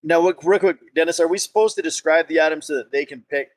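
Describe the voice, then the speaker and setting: Hammy man flattering in character. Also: fairly high pitch, quick pace, dry recording. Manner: hammy, over-the-top flowery speech. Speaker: tabletop game player. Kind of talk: playful in-character flattery at a tabletop game.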